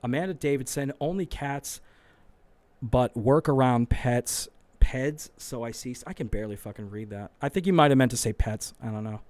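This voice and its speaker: A man with a medium-pitched, slightly mellow voice speaks at normal speed with no echo, hosting a casual live stream at a studio microphone in a home studio with lights. He reads chat aloud, rambles, swears often, and pokes fun at himself.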